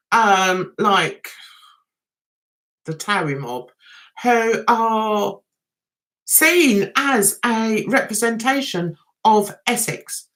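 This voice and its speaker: London lady chatting on her livestream, fairly high voice, slow easy pace, says hi to viewers by name. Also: sharp tone. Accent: London English. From London, England. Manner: chatty, greets viewers by name, reads comments aloud. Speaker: livestream host. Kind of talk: casual livestream chat.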